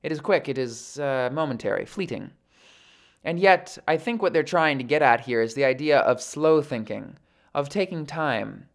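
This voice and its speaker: A man reading scripture aloud and adding his own reflective commentary in a measured, thoughtful way, with occasional hesitant fillers. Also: on the high side, expressive, gravelly. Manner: measured, reflective, slows down to think. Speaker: podcast host reading scripture.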